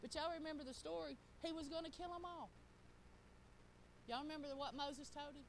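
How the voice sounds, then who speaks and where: A woman's voice: high voice, a little fast, slight background noise, poor audio. Folksy woman preaching. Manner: folksy, talks straight to the congregation. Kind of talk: sermon.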